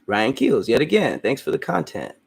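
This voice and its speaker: A man's voice: mid-range voice, huge pitch swings, moderate pace, gravelly, breathy edge. A man hosting a casual stream, chatting with his fans in a loose, rambling way, with frequent restarts and casual swearing. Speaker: host. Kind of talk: casual livestream chat answering fans.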